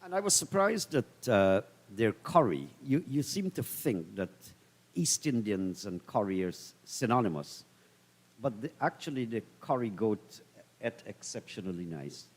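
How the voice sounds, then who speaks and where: A man with a low voice calls the cricket in an easygoing, chatty manner. A long reverb trails behind his commentary. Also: sing-song, unhurried. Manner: easygoing, conversational analysis.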